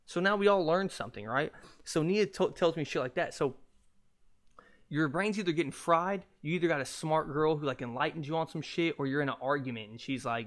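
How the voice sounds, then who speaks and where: A man's voice: medium pitch, brisk. A young man hosting a solo podcast, ranting casually, with lots of swearing and jokes. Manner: profane, animated, jokey. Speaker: podcast host.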